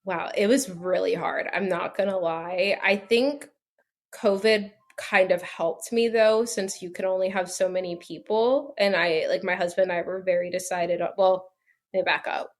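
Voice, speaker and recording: A woman's voice: fairly low pitch, fairly even intonation, moderate pace. A woman in her thirties telling her story as a podcast guest, chatty and filler-heavy, often laughing as she talks. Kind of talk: casual storytelling interview.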